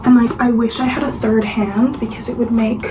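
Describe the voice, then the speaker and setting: A woman's voice: a little high, flat delivery, moderate pace, background noise. A young woman chatting casually in a home vlog, rambling with lots of fillers and sometimes dropping to a near-whisper. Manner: soft, sometimes half-whispered. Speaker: vlogger. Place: home, kitchen and getting ready. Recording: audible room ambience behind the voice.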